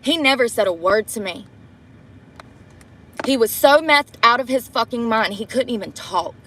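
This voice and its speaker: A woman's voice: on the high side, lively intonation, normal speed, fairly bright tone, a little hiss or hum. A young woman telling a blunt, profanity-laced story while doing her makeup in a parked truck, recorded on a phone camera. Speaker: vlogger livestreaming a get-ready-with-me.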